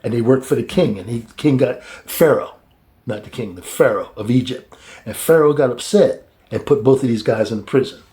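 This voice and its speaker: A man teaching a casual Bible study in a colloquial, halting way, with many restarts and chuckles between points. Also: mid-range voice, warm tone.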